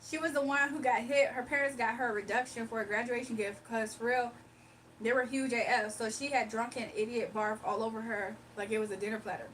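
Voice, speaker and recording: Hosting a laid-back livestream, this woman banters with her chat and laughs a lot. Her voice is on the high side and fairly bright, with fairly even intonation and a slightly fast pace. The recording catches her from a distance over faint background noise.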